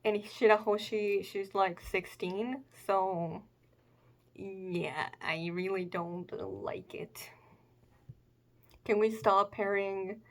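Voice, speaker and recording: A woman's voice: mid-range voice, steady tone, takes it slowly. A chatty woman talking through her reaction to a manga chapter in a mid-range voice. She muses aloud, circles back on herself and leans on fillers as she works through her thoughts. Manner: chatty, musing, filler-heavy. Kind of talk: casual reaction commentary.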